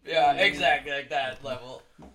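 A man's voice: medium pitch, moderate pace, a bit bright. A man in his thirties telling a rambling bar story in casual chat, full of likes and acted-out quotes. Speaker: bartender and podcast regular.

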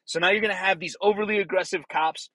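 A man's voice: high-pitched, steady tone, quick pace, a bit bright, dry recording, poor audio. A man, middle-aged, who speaks as a former police officer in a casual monologue, blunt and profane, acting out the voices he quotes.

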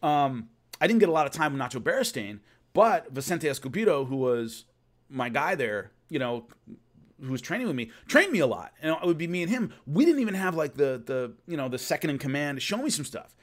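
A man casually telling a long rambling story about filming, with many restarts. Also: fairly high pitch. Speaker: host recalling filming a fight show.

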